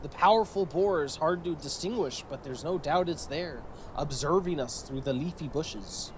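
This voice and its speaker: A man's voice: fairly high pitch, normal speed, slight background noise, rough recording. A man streaming a strategy game, reading event text aloud and adding joking, sarcastic commentary.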